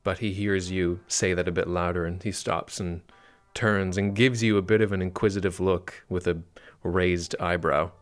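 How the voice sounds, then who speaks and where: A man playing a tabletop role-playing game, calmly describing what his character does and speaking as him. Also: sits low, normal speed, hardly any pauses. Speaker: player.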